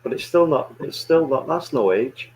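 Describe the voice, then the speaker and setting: Brief: football fan, loud teasing banter, swears a lot, laughs often. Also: male voice, medium pitch, expressive, normal speed, a little hiss or hum, rough recording. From England. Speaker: co-host of a football watch-along. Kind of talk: casual chat.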